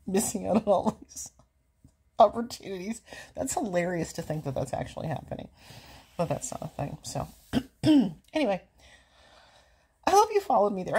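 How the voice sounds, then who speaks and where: A woman in her forties rambles sarcastically in a casual chat while reacting to a movie, a little out of breath from walking, chatty and easily amused. Her voice is lowish, a little mellow and slightly rough.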